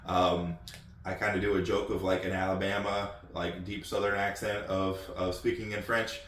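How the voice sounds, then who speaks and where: Deep-voiced man rambling in an echoey room. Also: flat delivery, moderate pace, a bit bright. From United States. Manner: rambling, many ums and repeated words. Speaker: channel host. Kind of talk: casual off-the-cuff talk. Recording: echoey room, distant mic.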